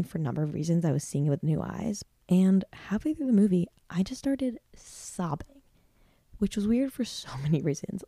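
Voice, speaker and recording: Low, mellow-voiced woman in her twenties. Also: no echo. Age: 20s. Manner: rambling, heartfelt, many likes and restarts. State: near tears at times. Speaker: podcast host. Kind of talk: solo podcast monologue.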